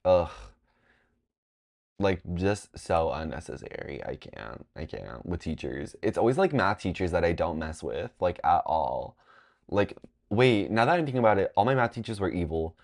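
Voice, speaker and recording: A man in his twenties telling a rambling, animated storytime vlog, full of "like" fillers. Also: low-pitched, normal speed, gravelly. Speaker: vlogger. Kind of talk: casual storytime.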